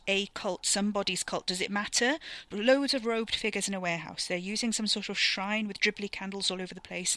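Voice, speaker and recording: A woman voicing a young man who is tense and sarcastic, talking in halting bursts and sometimes dropping to a whisper. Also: mid-range voice, pushed and bright, close to an everyday voice.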